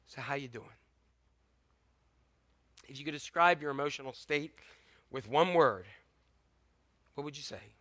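A man preaching a sermon as pastor, swinging between loud urgent exhortation and hushed, intimate lines. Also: fairly high pitch, animated, unhurried, long pauses, dry recording. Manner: repetitive emphatic exhortation.

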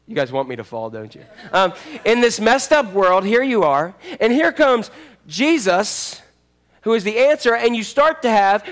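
A man preaching a sermon as pastor, animated and acting out the voices of people in the story. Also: high voice.

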